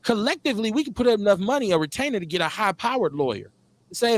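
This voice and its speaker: Fired-up, profane talk radio host, high-pitched. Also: male voice, very animated, quick pace. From Milwaukee, Wisconsin. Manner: fired up, profane, emphatic, rhetorical questions. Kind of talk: heated political talk radio rant.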